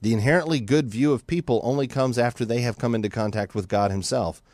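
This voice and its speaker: This American talk radio host is a fast talker with a medium-pitched voice, heard cleanly through a studio microphone with no room sound. Animated and sometimes mocking, he voices other characters during his monologue.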